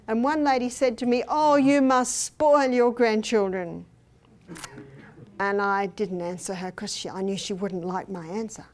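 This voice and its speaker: A woman's voice: on the high side, darkish tone. An older woman speaking at a health seminar, telling personal stories and acting out what people said. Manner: storytelling, acts out quoted speech. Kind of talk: seminar talk with personal anecdotes. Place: hotel meeting room.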